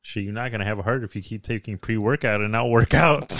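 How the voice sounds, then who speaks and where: A man's voice: medium pitch, a little fast, fairly bright tone, dry recording, studio quality. A man co-hosting a casual sports podcast who talks bluntly and sarcastically and swears often. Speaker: podcast co-host.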